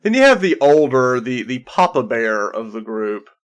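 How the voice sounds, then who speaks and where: A man's voice: medium pitch, big pitch swings, moderate pace, smooth. A man narrating a tabletop game as game master, rambling with many restarts.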